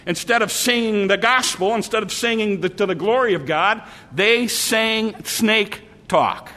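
High-voiced preacher in an echoey hall. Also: male voice, sharp tone. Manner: repetitive preaching cadence with drawn-out emphatic phrases. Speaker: pastor. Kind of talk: evening sermon.

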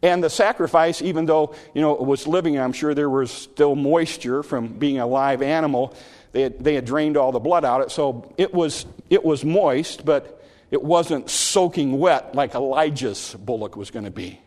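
A man preaching a sermon, retelling a story with animated energy and frequent restarts. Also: a little high, normal speed. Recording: long hall reverb.

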